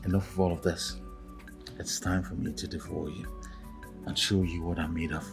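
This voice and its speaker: A man with a Nigerian English accent playing a king, with animated, strained outbursts. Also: sits low, normal speed, vocal fry, over music. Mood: seductive.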